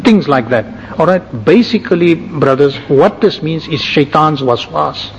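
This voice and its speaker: A man's voice: on the high side, a little hiss or hum. A man giving a sermon as a religious teacher, lecturing point by point with frequent asides. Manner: measured lecturing with lists and asides. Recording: lo-fi with long hall reverb.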